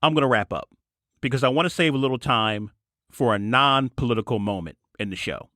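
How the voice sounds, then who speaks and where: A man hosting his own podcast, delivering an opinionated solo monologue in a sarcastic, ranting way that jumps to a higher voice when he gets worked up. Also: a little fast, no room sound, clean studio sound. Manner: animated, sarcastic ranting with sudden jumps in pitch. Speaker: podcast host.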